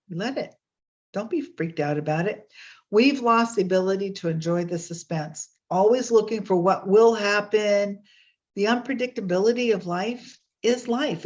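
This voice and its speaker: A woman's voice: medium pitch, a little mellow. A woman with a mid-range voice talks loosely and chattily, drifting between thoughts with fillers and restarts. She speaks into a video call mic. The audio is a little dull and lo-fi. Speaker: hypnotherapist hosting an online session. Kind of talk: casual spoken reflection with readings. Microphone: webcam on a video call.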